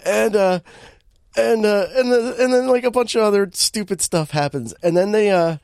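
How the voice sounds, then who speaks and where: Male podcast co-host, lively storyteller, slightly raised pitch, dry recording. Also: normal speed, creaky, clean tone, dry recording. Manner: animated storytelling, laughing often, many restarts. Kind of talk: casual movie review chat.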